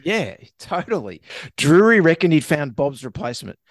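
Lively jokey man, podcast co-host. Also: a little high, normal speed, no room sound, clean studio sound. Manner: jokey, reads news story aloud with asides. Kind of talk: casual comedic podcast chat.

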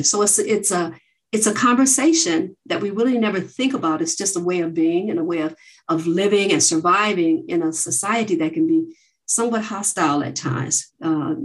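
Middle-aged woman guest, lowish pitch, earnest and measured, filler-heavy. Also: low-quality recording. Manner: earnest, measured, frequent "you know" fillers. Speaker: researcher guest. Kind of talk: interview answers.

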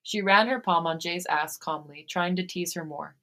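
A woman podcast host reading fan fiction aloud, steady in her reading and given to breaking into laughter. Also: fairly low pitch, moderate pace.

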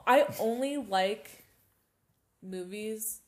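A young woman co-hosting a podcast in casual chat, rambling and animated, swearing casually. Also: medium pitch, drawn-out words, a crowd in the background. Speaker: podcast co-host.

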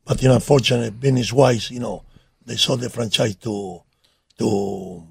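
An older non-native English speaker talks in a measured, halting way. His voice is gravelly and husky, recorded dry and close. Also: mid-range voice, fairly even intonation, no echo. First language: not English. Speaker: former soccer player guest. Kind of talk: casual chat.

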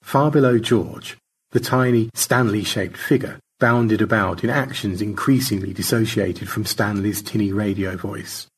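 A man narrating a science fiction short story in a measured storytelling manner. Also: lowish voice, slightly rough.

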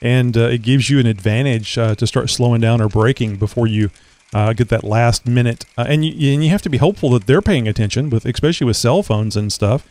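A man's voice: medium pitch, a little fast, a little mellow, no room sound. A man hosting a podcast in casual chat, rambling and joking with many filler words. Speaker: podcast host.

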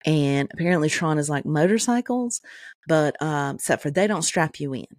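A middle-aged woman co-hosting a podcast, telling an animated story full of profanity in casual chat. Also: low-pitched, moderate pace, dry recording, clean studio sound. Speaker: podcast co-host.

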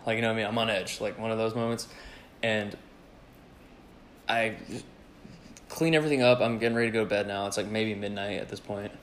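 A man's voice: fairly low pitch, fairly quick, long pauses, slight background noise. A young man in casual chat, telling a crude story full of swearing and laughter. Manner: profane, animated, laughing storyteller.

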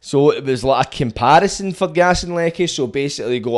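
A man's voice: medium pitch, lively intonation, a little fast. A young Glaswegian man in casual chat, telling laid-back, sweary anecdotes. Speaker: guest rapper.

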